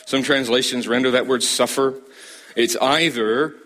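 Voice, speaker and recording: A man delivers a sermon in a bright, forceful voice of middling pitch. He drives each point home with emphasis, climbing high to stress a line, and keeps putting questions straight to his listeners. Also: fairly even intonation, a little slow. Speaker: preacher.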